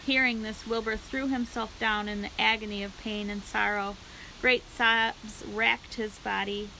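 A woman narrating a children's book aloud for a library read-aloud, in a clear, steady storytelling way. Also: medium pitch, a little slow, slight background noise, rough recording.

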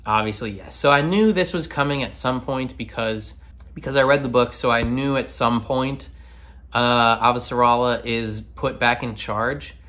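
A man's voice: medium pitch, normal speed, fairly bright tone. A man casually chatting through his reaction to a TV episode, rambling with restarts and frequent laughs. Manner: rambling, laughs often, many fillers and restarts. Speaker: reaction video host.

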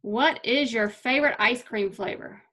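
A woman moderating a virtual college information session, running a poll in a brisk, upbeat way. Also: fairly high pitch, sharp tone. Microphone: video call.

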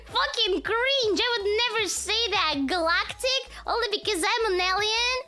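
A woman with a very high, bright voice that leaps up and down as she reacts. She talks slowly but stays excitable, swearing and teasing on a casual live stream. Laughs break into her talk often. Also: soft background music. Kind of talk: casual livestream chat.

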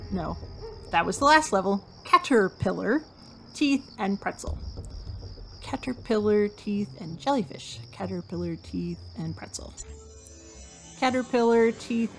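A woman giving casual commentary while playing a hidden object game, reading out item lists and joking to herself. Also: mid-range voice. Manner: chatty, reads item lists aloud, jokes to herself. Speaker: game streamer.

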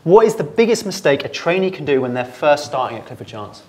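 Woman, very deep voice, fast-talking, interviewer, breezy and playful. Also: big pitch swings, a little mellow, slightly rough. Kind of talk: casual interview questions.

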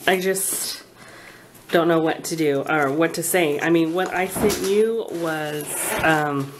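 A woman's voice: deep voice, slow pace, slight background noise. A woman vlogger chatting casually at her kitchen table at home, gushing and flustered as she talks. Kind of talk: casual unboxing chat.

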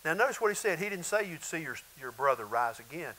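Male pastor, high bright voice, chatty preaching with loud outbursts. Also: very animated, fast, rough recording. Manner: conversational preaching with bursts of shouting and laughter. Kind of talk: sermon.

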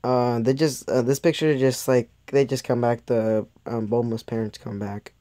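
A man's voice: mid-range voice, flat delivery, moderate pace, dark tone, dry recording. A young man giving a casual, rambling episode review who often loses his train of thought and laughs at himself. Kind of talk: casual video commentary.

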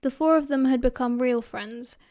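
A woman with a British accent reading a fan audiobook in steady storytelling narration. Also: high-pitched, normal speed.

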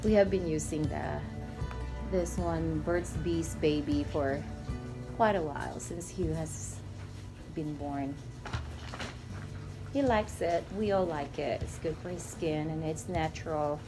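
A woman's voice: low-pitched, slow, pauses often, music in the background. A woman in her master bedroom at home, talking to her baby and reading a picture book aloud in a sing-song way. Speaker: mother and family vlogger.

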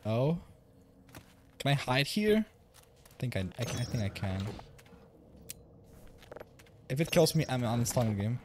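A man's voice: mid-range voice, lively intonation, measured pace, long pauses, noisy background. A young man streaming a video game from home, rambling casually, swearing and laughing often. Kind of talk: casual gaming livestream chat.

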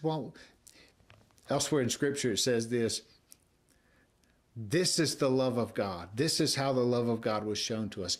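An American man preaches a sermon from the pulpit. His voice is mid-pitched and earnest. He rises to loud emphasis on key points and drops to soft, quiet lines when quoting. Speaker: pastor.

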